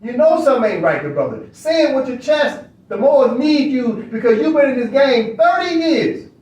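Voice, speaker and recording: A man with a very high voice hosts a study session and lectures in a casual, preachy way. He keeps circling back with rhetorical questions. He sits well back from the mic in a room that rings with echo. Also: very animated, normal speed, a little mellow. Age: adult. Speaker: online study session host. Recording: echoey room, far from mic.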